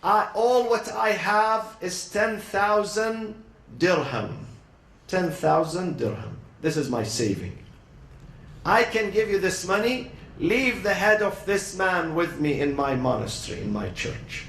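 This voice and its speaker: A man voicing an older Christian priest who grieves and pleads earnestly and slowly. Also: high voice, animated, a bit bright, heavily acted. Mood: pleading. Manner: earnest, slow, imploring. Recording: roomy echo.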